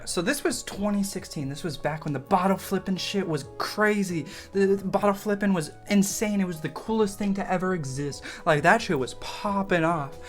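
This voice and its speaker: Young man, casual storytime, slightly high voice, swears a lot, self-mocking, faint music underneath. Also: fairly bright tone. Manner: rambling, profane, self-mocking, laughs often. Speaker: vlogger telling a story.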